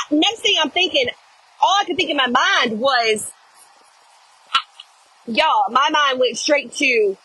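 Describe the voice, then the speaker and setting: A middle-aged woman telling a dramatic story to her viewers in a casual, animated way, often saying "y'all". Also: sits high, unhurried, rough recording. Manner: animated, addresses viewers as "y'all", acts out shouting.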